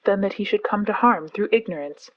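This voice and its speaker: A woman's voice: mid-range voice, brisk, dry recording, highs cut off, close to an everyday voice. A woman voicing an earnest, fond old bear who lectures his pupil in a storybook reading. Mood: earnest lecturing.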